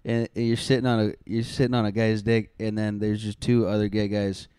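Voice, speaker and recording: A man's voice: fairly low pitch, level tone, a little fast, dark tone, clean tone, no room sound, clean studio sound. A man co-hosting a podcast, riffing on crude jokes and laughing often. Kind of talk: crude casual banter.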